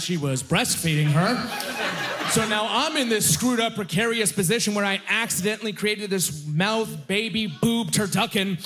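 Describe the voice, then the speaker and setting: Male comic, slightly high voice, punchy self-mocking delivery, stand-up set. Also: noisy background. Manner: self-deprecating, punchy storytelling. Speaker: stand-up comedian.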